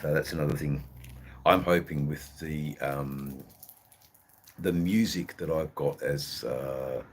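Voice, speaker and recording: A man's voice: very deep voice, steady tone, takes it slowly, a little hiss or hum. An Australian man hosting a livestream in casual chat, rambling and hesitant, swearing freely. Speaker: livestream host.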